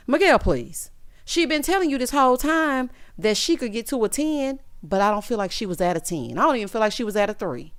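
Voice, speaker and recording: A woman's voice: on the high side, clear, resonant tone. A young adult woman giving a blunt, sassy recap of a reality show, talking straight to the people on screen. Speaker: recap commentator.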